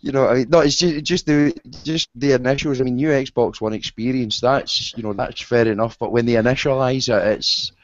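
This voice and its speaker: A man's voice: mid-range voice, steady tone, a little fast, hardly any pauses, lo-fi sound. A man hosting a podcast, steering the talk with jokey, wry asides. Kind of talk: casual group chat.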